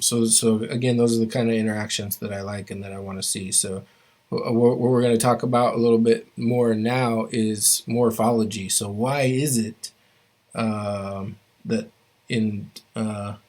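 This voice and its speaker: A man with a fairly low voice leads an online language lesson through his computer mic. He talks in a loose, unhurried way, full of fillers and restarts as he shares his screen. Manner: relaxed, many fillers and restarts. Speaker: language teacher. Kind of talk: online class lecture.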